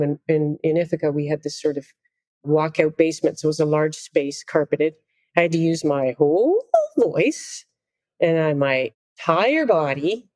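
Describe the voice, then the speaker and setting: A middle-aged woman with a fairly low voice tells a story as a podcast guest. She is animated, acting out what people said and laughing often, recorded close and dry. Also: no echo. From Canada. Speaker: guest conductor.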